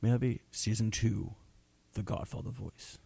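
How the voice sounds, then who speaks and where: A young man co-hosting a casual, rambling talk show, playful and quick to laugh. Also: fairly low pitch, creaky, warm tone, breathy edge. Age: young adult. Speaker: co-host. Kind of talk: casual chat.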